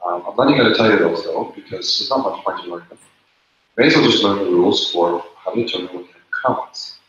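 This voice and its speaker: Low-voiced man lecturing in an echoey room. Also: fast talker, a bit bright. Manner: explains step by step, repeats rules. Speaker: teacher. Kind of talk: classroom lecture. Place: classroom. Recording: echoey room, dull lo-fi sound.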